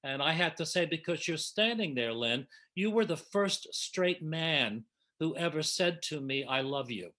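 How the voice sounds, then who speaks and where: A man's voice: fairly high pitch, expressive, measured pace. An older man telling an emotional, effusive story from his past in a casual panel chat. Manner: warm, emotional, effusive reminiscing. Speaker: panel guest reminiscing.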